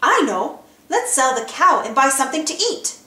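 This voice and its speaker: A woman voicing an eager, cheerful young male mouse farmer with squeaky, excited cries. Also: moderate pace, echoey room, distant mic, heavily acted.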